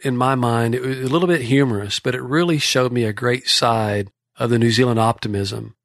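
A man's voice: medium pitch, steady tone, a little fast, fairly bright tone, no echo, clean studio sound. A man from Texas with a Texan accent, a horse trainer telling folksy, rambling stories on a podcast. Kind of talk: casual podcast storytelling.

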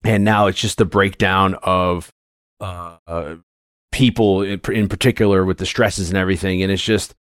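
Low-voiced man in his forties, rambling. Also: normal speed, clean tone, no room sound, studio quality. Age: 40s. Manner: rambling, animated, many fillers and restarts. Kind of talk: casual film discussion.

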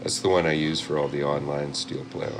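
A man's voice: very deep voice, little pitch movement, fairly quick, gravelly. A man in his fifties, a guest musician chatting casually in an interview, rambling and self-deprecating. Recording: noisy recording.

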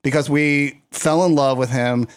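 A man hosting a casual comedy podcast, chatting with quick asides and laughter. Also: on the high side, fairly even intonation, clear, resonant tone. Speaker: podcast host. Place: small home podcast studio.

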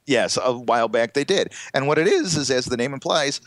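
A man's voice: medium pitch, animated, fairly quick, dry recording, studio quality. Rambling man with a blocked nose. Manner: rambling, hesitant storyteller. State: congested nose. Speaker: podcast co-host. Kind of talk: casual comedic chat.

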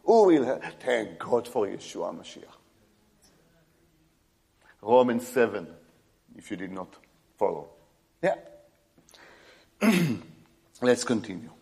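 Male preacher, slow and emphatic, lively pitch, sermon delivery. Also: creaky, slightly rough, in a large hall. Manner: animated, emphatic, swings from loud exclamations to quiet asides.

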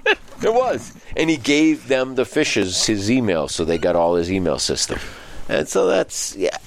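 A man's voice: medium pitch, wildly swooping pitch, unhurried, vocal fry. A man co-hosting a casual talk show, speaking in an opinionated, emphatic way and often repeating his points. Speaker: co-host. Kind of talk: casual political chat and joke telling.

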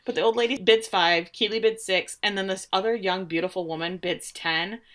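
Bright-voiced chatty woman recapping a show. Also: medium pitch, a little fast. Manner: animated storyteller who laughs often and briefly voices characters. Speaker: podcast host recapping a TV episode. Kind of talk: casual recap chat.

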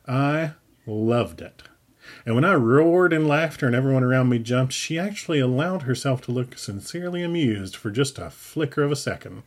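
Husky, wry male storyteller. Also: medium pitch, lively intonation, moderate pace. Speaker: author reading his own story. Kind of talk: audiobook narration.

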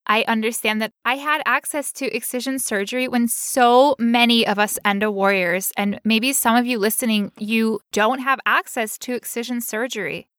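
A woman's voice: a little high, steady tone, normal speed, hardly any pauses, fairly bright tone, smooth, dry recording, studio quality. A young woman co-hosting a podcast, talking candidly and emotionally, with frequent laughs. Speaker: podcast co-host. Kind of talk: personal, emotional podcast talk.

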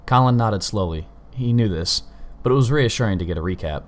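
A man narrating a story with measured, steady storytelling. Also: fairly low pitch.

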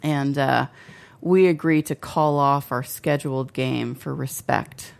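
A low-voiced woman with a gravelly edge, a little tipsy and chatting loosely. She reads out a news story in casual talk, often breaking into laughter, with a rambling, easygoing delivery. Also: fairly even intonation, slow. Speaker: podcast co-host.

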